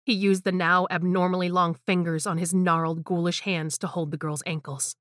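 A woman reading a scripted horror story in a hushed, tense way. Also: fairly low pitch, little pitch movement, moderate pace, dry recording, studio quality. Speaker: narrator.

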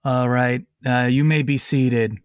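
A man's voice: mid-range voice, steady tone, slow pace, clear, resonant tone, no echo, studio quality, pitched below the performer's own voice, lightly acted. A man voicing an old, checked-out dragon-man judge in a comedy tabletop game, drawling through his lines. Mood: weary.

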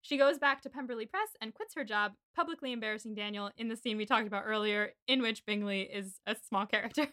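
An American woman with a bright, sharp voice, pitched a little high. She chats casually on a podcast and walks through a film's plot in long, breezy summaries. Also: quick pace, hardly any pauses. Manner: retells film plots in long, breezy summaries.

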